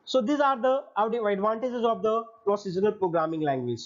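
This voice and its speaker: A man's voice: sits high, fairly quick. A male lecturer reading his slide points and then restating them in a recorded online lesson. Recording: dull lo-fi audio.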